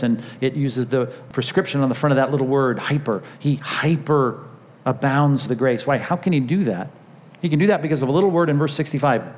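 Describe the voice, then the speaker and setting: A man's voice: medium pitch, in a large hall. A man preaching a sermon as pastor, emphatic and full of rhetorical questions, acting out quoted lines.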